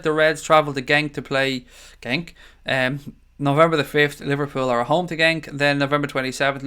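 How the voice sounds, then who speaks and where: An Irish man hosting a late-night live stream, rambling easily through viewer comments. His voice is smooth and clear, pitched at an everyday middle, with a tired edge. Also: fairly bright tone. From Ireland. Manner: chatty, rambling, calls viewers mate. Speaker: livestream host. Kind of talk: casual live stream chat reading comments.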